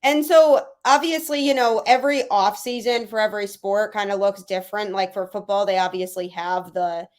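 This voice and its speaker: A woman's voice: medium pitch, fairly even intonation, moderate pace, hardly any pauses. Woman podcast host, mid-range voice, chatty and upbeat interview style. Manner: chatty, enthusiastic, uses "like" often. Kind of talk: casual interview chat.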